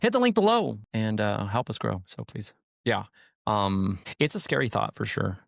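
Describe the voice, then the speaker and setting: A man with a lowish, gravelly voice talks on a podcast in a loose, rambling way. He leans on "like" and "you know" and swears freely. The sound is close and dry. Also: very animated, moderate pace, no echo. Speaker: podcast co-host, sheriff's deputy. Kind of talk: casual podcast chat.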